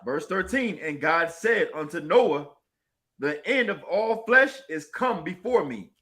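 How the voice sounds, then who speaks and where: Slow man reading scripture aloud. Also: a little high, expressive, pushed and bright. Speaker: scripture reader.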